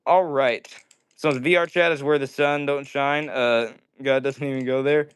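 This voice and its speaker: A man's voice: medium pitch, steady tone, moderate pace, clean tone. A man hosting a casual indoor livestream, joking around and reading viewer comments aloud. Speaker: livestream host. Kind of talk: casual live-stream chat.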